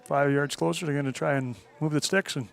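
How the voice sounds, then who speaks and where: A Canadian man does relaxed colour commentary from an outdoor football field. He talks in an easy, chatty way, leaning on fillers as he goes, and his voice sits a little high. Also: brisk, creaky. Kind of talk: casual sports colour commentary.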